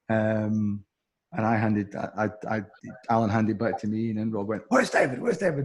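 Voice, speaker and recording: A man's voice: lowish voice, a little mellow. A middle-aged Scottish man, a sports TV presenter guesting on a podcast, telling humorous stories with many ums and restarts. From Scotland. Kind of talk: casual anecdotal storytelling.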